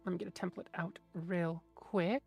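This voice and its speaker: A woman's voice: on the low side, fairly even intonation, moderate pace, gravelly, a little mellow, slightly rough, faint music behind. A woman streamer chatting casually with viewers, rambling and mumbling to herself with lots of fillers.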